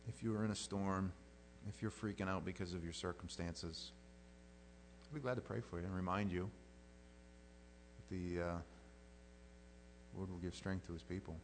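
A man preaching a sermon as pastor, conversational and animated, swinging between loud outbursts and quiet prayer. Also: low-pitched, normal speed, long pauses, slight background noise.

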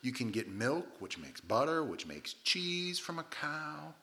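A man's voice: on the high side, a little slow. A man preaching a sermon, telling stories with comic asides and quoting characters in put-on voices. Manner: lively storytelling with comic asides and voiced quotes. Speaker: pastor.

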